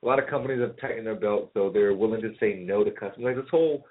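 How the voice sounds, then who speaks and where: A man hosting a casual podcast rambles, jokes with friends, and laughs often, talking rapid-fire in a fairly low voice. The sound is narrow, like a phone line.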